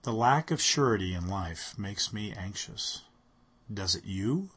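A man's voice: lowish voice, expressive, a little slow, a bit bright, slightly rough. A man delivering a sermon, speaking earnestly and reading scripture aloud with rising emphasis. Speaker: preacher.

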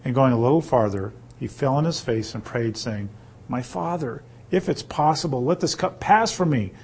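A man reading scripture aloud and teaching on it, pausing to ask his listeners rhetorical questions. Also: medium pitch, darkish tone, slightly rough. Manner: reads slowly, then explains with rhetorical questions. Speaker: Bible teacher.

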